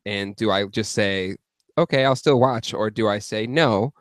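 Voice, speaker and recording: A man's voice: on the low side, measured pace, dry recording, studio quality. A man from San Diego co-hosting a podcast, talking earnestly and hesitantly with lots of fillers about his home teams. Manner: earnest, hesitant, many likes and ums. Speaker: podcast co-host. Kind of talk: casual sports chat.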